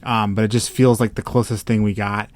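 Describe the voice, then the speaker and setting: A man's voice: fairly low pitch, flat delivery, a little fast, darkish tone, no echo. A man co-hosting a collectors' podcast, chatting casually and easily with frequent fillers. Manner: easygoing, chatty, many fillers. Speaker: podcast co-host. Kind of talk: casual chat.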